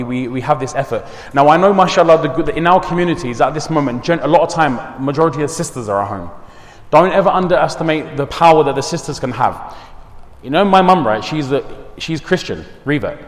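Male madrasa teacher, fairly high voice, animated storyteller, long hall reverb. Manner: mixes English with Urdu and Arabic words, animated storytelling. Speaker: madrasa teacher giving a talk. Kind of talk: community talk.

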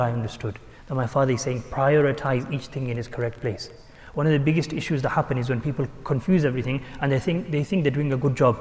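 A man giving a religious talk as a teacher, telling stories in an animated way and acting out the voices he quotes. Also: on the high side, long reverb tail. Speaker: Islamic teacher. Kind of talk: sermon storytelling.

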